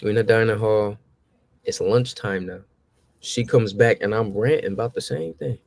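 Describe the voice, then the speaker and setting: A young man tells stories in a relaxed chat. He acts out his old conversations, his voice jumping high as he plays them back. The sound is dry and close. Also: moderate pace, vocal fry, no room sound. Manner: animated, acts out his own past exchanges with rising pitch. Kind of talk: casual storytelling.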